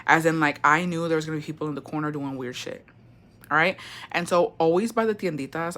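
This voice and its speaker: Bright-voiced, foul-mouthed woman livestreamer. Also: deep voice. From Mexico. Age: 20s. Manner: chatty, profane, gossipy, reads chat aloud. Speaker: livestream host. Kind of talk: casual storytime livestream.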